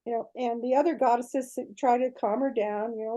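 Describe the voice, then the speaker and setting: With lively, animated storytelling, an older woman recounts a myth, often pausing to check in with her listener, much like a guest on a relaxed podcast interview. Her voice is high yet mellow and warm rather than bright, and the audio is dull.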